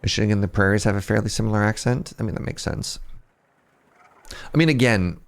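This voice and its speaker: A man's voice: lowish voice, fairly quick, vocal fry. A man with a Canadian Pacific Northwest accent, chatting casually with viewers as he streams a fishing game, rambling and laughing often. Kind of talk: casual livestream chat with viewers.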